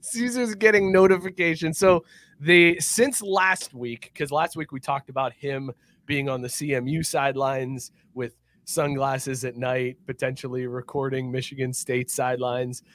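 A man hosting a sports podcast, ranting in a brash, profane, excitable way. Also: medium pitch, unhurried, no echo. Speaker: podcast host. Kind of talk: casual sports podcast banter.

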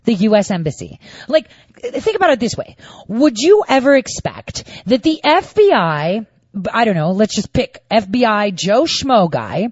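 Woman, political commentator, casual rant, rhetorical questions, animated, lo-fi sound. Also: on the high side, unhurried, slightly rough, dry recording.

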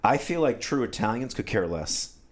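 A man's voice: mid-range voice, very animated, normal speed. A man co-hosting a casual talk show, wry and chiming in with short replies and asides. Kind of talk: casual banter.

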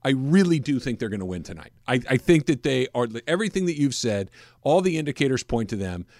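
A man's voice: mid-range voice, big pitch swings, fast talker, darkish tone, dry recording. A man hosting a casual sports talk radio show, talking emphatically into a studio microphone.

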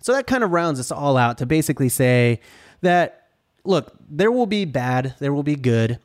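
A man talking casually on a podcast, telling stories about his rental cabins. He is animated and filler-heavy, slipping into the voices of guests and workers as he goes. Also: fairly high pitch, moderate pace. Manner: animated, says dude and like a lot, acts out quotes. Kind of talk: casual chat, storytelling.

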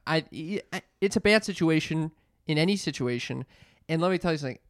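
A man co-hosting a casual chat, telling animated stories with plenty of swearing and acted-out quotes. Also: fairly high pitch, fairly quick, smooth, no echo, clean studio sound. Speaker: podcast co-host.

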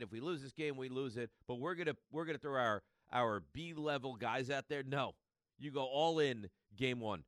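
Emphatic bright-voiced sports radio man. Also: mid-range voice, no echo. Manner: emphatic, repeats points for effect. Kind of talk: sports talk radio monologue.

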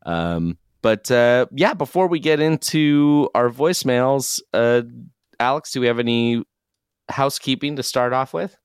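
A man hosting a casual podcast, relaxed and quick to laugh, with plenty of fillers. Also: medium pitch, clear, resonant tone, no echo, clean studio sound. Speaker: podcast host.

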